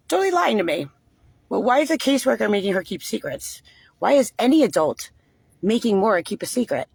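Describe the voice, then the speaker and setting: Husky woman ranting on a livestream. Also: medium pitch, dry recording. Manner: rambling, agitated, swears often. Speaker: livestream host. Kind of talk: unscripted livestream monologue.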